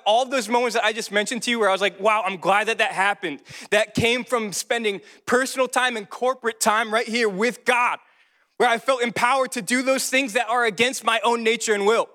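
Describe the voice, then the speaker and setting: A young man giving a casual, conversational sermon as a young adult ministry leader. His delivery grows more emphatic when he reads scripture. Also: bright, forceful tone. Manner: casual and conversational, rising in pitch when preaching.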